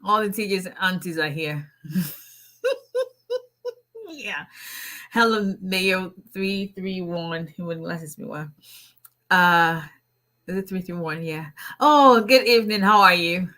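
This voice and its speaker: A woman's voice: on the low side, slow, long pauses, sharp tone. A woman, an immigration attorney chatting casually on a livestream, greeting viewers and laughing often.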